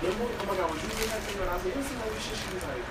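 A woman's voice: mid-range voice, rapid-fire. A young woman in casual chat, telling stories in slang and laughing as she goes. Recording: distant mic in an echoey room, loud noise.

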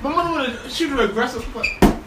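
Young woman, slangy laughing storyteller, somewhat high; off-mic in an echoey room over loud noise. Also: animated, rapid-fire, distant mic. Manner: slangy, laughing as she tells stories. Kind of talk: casual chat.

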